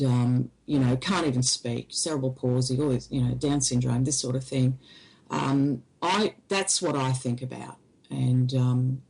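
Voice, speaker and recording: Halting woman telling her story. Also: very deep voice, a little mellow, breathy edge, low-quality recording. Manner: halting, hesitant speech. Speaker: interview guest. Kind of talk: recounting personal experience.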